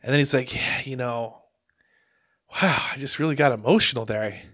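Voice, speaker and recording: This podcast co-host is a middle-aged man with a husky, medium-pitched voice at normal speed. Recorded cleanly in a studio with no room sound, he chats casually, tells animated stories, and laughs frequently.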